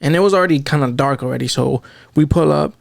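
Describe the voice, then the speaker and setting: A man hosting a casual podcast, telling stories in slangy, profane speech and acting out quoted lines in quick bursts. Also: on the high side, vocal fry, no room sound. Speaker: podcast host. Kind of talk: casual storytelling chat.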